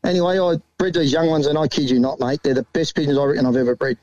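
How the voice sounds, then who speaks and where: Australian male, brisk and fairly high, crowded room. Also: fairly even intonation, muffled recording, over a noisy crowd. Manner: fast-talking, laughing, does mocking voices in stories. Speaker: pigeon fancier guest. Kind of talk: casual banter.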